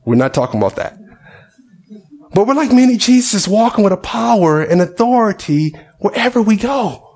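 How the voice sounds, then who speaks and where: A man's voice: sits high, big pitch swings, moderate pace, a little mellow. A male pastor preaching a conversational sermon, often asking his listeners questions.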